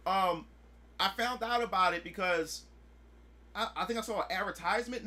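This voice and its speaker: A man streaming a casual chat, excitable and swearing freely, acting out his own past reactions. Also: high voice, moderate pace. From United States.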